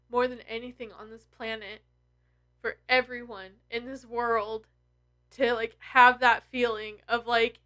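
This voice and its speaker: A woman's voice: on the high side, fairly even intonation, unhurried, bright, forceful tone. A woman in her thirties talking candidly and emotionally to her followers, blunt and full of swearing. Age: 30s. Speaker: tarot content creator. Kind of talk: candid personal vlog.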